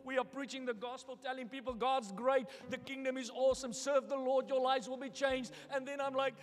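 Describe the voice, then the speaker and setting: A male pastor preaching a sermon, moving from hushed, personal storytelling to loud, daring challenges to the congregation. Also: very high-pitched, flat delivery, brisk, hardly any pauses, big-room sound, soft background music. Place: church hall.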